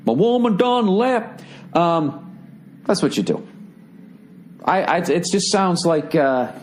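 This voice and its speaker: A man's voice: on the high side, darkish tone, slight background noise. A man hosting a podcast, giving blunt advice in a rambling, profane, casual monologue.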